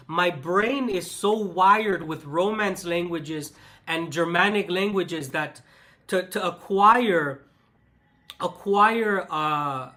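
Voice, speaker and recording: Young Mexican man, Mexican Spanish accent, high bright voice, emphatic mock-exasperated vlog host. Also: animated, slow pace. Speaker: vlogger. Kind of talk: casual chat.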